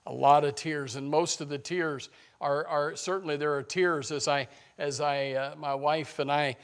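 Impassioned preacher man, somewhat high voice. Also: fairly even intonation, normal speed. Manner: impassioned, swinging between loud declarations and hushed low lines; addresses the congregation directly with rhetorical questions. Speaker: pastor. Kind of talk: sermon.

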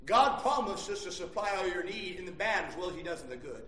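A male pastor preaching a fiery sermon in a very high, bright, ringing voice. He drops to near-murmurs and then bursts into shouting. The sound is echoey, as in a church hall. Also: lively intonation, brisk. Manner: impassioned preaching, swinging from quiet to shouting. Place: church sanctuary.

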